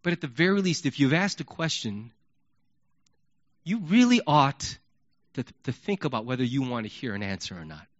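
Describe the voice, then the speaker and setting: A man preaching a sermon in an animated way, acting out yelled questions. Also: mid-range voice, normal speed, pauses often. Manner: animated, acts out yelling questions. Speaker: pastor. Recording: dull lo-fi recording.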